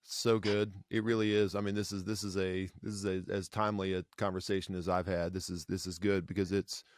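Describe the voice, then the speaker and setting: A man's voice: sits low, flat delivery, dry recording, studio quality. A man hosting a podcast, affirming his guest and thinking aloud. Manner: affirming, quick back-channel replies. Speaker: podcast host. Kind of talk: casual podcast conversation.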